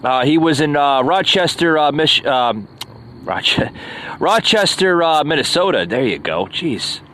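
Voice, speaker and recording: A man's voice: a little high, animated, a little slow, fairly bright tone, slight background noise. A man hosting a political podcast, sounding aggravated and stumbling over many fillers as he comments. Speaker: podcast host.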